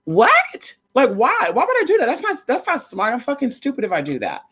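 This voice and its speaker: Brisk and high-pitched, this woman vlogger rants to her viewers in a loose, foul-mouthed, emphatic style. Her storytelling is lively, and now and then she turns sermonizing.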